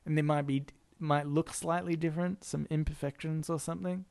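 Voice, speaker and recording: Gravelly joking podcast co-host. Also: male voice, a little high, a little fast. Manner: joking, laughs often, animated quoting voices. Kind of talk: casual podcast banter.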